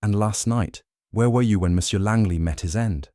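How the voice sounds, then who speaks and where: A man voicing a polite, probing older detective in an audiobook, smooth and gently insistent. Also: fairly low pitch, moderate pace, no room sound, studio quality, close to an everyday voice. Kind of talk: audiobook character voice.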